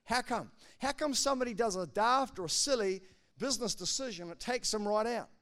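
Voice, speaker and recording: A man preaching a sermon, swinging between loud emphatic lines and soft, quiet asides. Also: extremely high pitch, fairly quick. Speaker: pastor.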